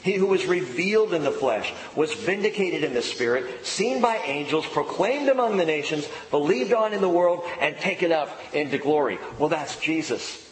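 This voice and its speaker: A man's voice: fairly high pitch, expressive, normal speed, few pauses, a little hiss or hum. Emphatic preacher man in an echoey hall. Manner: emphatic, repeats key phrases. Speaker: pastor. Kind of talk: sermon. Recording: echoey hall with faint ambience.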